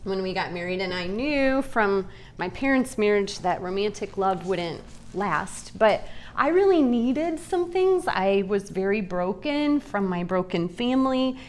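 A speaker at a Christian women's gathering, a woman in her forties, gives a personal Bible talk that is earnest and confessional, paced slowly and deliberately. Her voice is medium in pitch and expressive.

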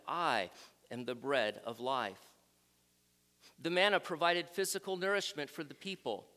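A man preaching a sermon, reading scripture aloud in a measured, emphatic way. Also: mid-range voice, bright, forceful tone, big-room sound.

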